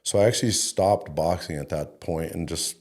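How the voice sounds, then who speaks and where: A middle-aged man with a low, mellow voice tells his story in a casual interview. He talks in a loose, chatty way, full of fillers and with a bit of mild swearing thrown in. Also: normal speed. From Denver, Colorado, USA. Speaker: head coach, interview guest.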